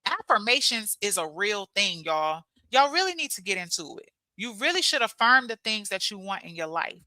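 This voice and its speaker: A woman in her thirties or forties hosting a casual motivational livestream and reading chat messages. She talks in an animated, preachy way and keeps repeating that she is telling you. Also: medium pitch, normal speed, no echo.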